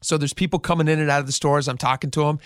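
A man with a fairly high, bright voice spins a news story on talk radio and acts out every quote. The sound is close and dry, with no room around it. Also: steady tone, very fast, dry recording. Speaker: radio show host.

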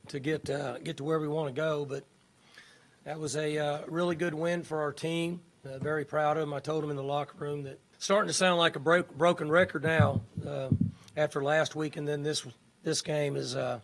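A middle-aged man, a head football coach, giving halting, matter-of-fact post-game press remarks. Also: a little high, fairly even intonation, gravelly.

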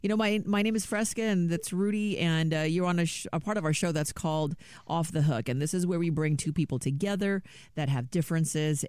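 Smooth-voiced male radio host. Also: a little high, no echo, clean studio sound. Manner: gentle, measured, hesitant phrasing. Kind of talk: morning radio call-in segment.

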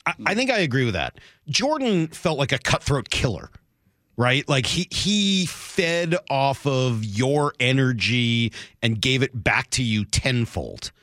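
A man in his forties co-hosting sports talk radio, joking and quoting people in quick acted asides. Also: medium pitch, sing-song, fairly bright tone, dry recording, clean studio sound.

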